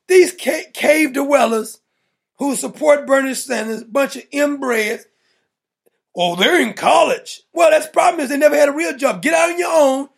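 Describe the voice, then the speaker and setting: A man's voice: very high-pitched, vocal fry. A man hosting a political talk show, ranting in an emphatic, mocking, blunt way. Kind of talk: opinionated political rant.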